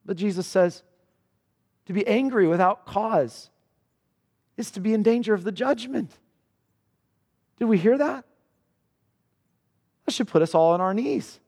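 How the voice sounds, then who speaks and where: A man preaching a sermon in earnest. His pitch rises for questions and drops low and slow for solemn passages. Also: a little mellow. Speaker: pastor. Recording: long reverb of a church hall.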